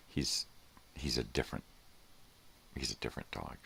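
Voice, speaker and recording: A man's voice: very deep voice, fairly even intonation, moderate pace, vocal fry, bright, forceful tone, slight background noise. An older man hosting a casual morning livestream, rambling in a laid-back way and drifting off into mumbles. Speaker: host.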